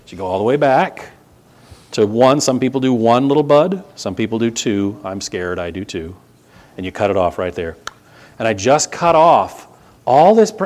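Animated male preacher, lively pitch. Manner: animated, conversational preaching with asides to the congregation. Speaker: pastor. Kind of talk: sermon.

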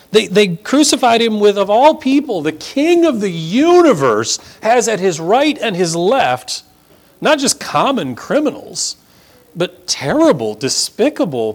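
Male pastor, sermon from the pulpit, voice a touch high, emphatic list-building delivery. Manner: emphatic, building rhetorical lists. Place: church sanctuary before a congregation.

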